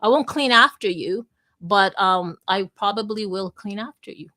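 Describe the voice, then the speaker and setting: A woman's voice: mid-range voice, expressive, normal speed, bright, forceful tone. A woman hosting a casual live chat, talking candidly and rambling, with frequent restarts. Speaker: host of a live audio space.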